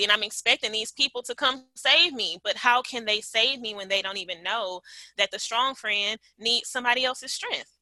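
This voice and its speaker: A woman's voice: a little high, normal speed, sharp tone, no echo, low-quality recording. A woman in her late twenties, sharing a personal story as a guest in a candid, reflective way, with frequent fillers and restarts. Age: late 20s.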